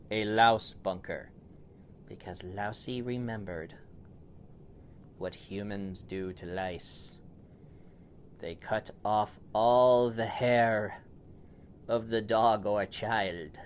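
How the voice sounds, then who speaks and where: A man improvising a bedtime story for a child, playful and animated, with big swings in loudness. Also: on the low side, a little hiss or hum.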